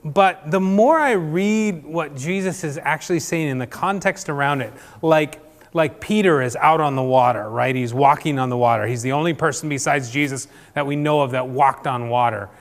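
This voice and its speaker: A man's voice: on the high side, normal speed. Chatty male preacher in a reverberant hall. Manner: chatty, often asks "right?". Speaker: church speaker. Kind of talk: conversational sermon.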